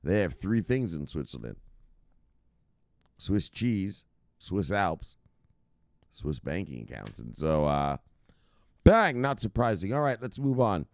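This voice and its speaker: Brash low-voiced man swearing freely. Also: sing-song, takes it slowly, vocal fry, long pauses, darkish tone, dry recording. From United States. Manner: brash, swears a lot, laughs at own jokes. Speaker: crypto news host. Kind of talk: profane casual commentary.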